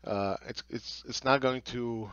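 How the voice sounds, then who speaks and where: A man delivers a blunt, sarcastic market commentary and swears freely as he mocks the views of others. His voice is recorded dry and close, with a slightly dull, muffled tone. His pitch sits at an ordinary middle level. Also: fairly even intonation, a little slow, a bit bright, smooth, no room sound. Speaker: market analyst.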